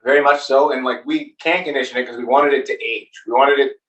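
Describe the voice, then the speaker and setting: Relaxed man talking beer, echoey and distant. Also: mid-range voice, fast, dull audio. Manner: relaxed, rambling explanations with many fillers. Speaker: brewmaster guest. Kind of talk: casual chat.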